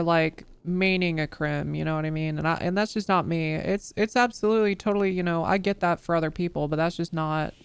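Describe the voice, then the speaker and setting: A woman's voice: on the low side, clear, resonant tone, dry recording. A woman streamer chatting casually while she plays, rambling and swearing with lots of fillers. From United States. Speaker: streamer playing a role-play game. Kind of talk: casual gaming chat.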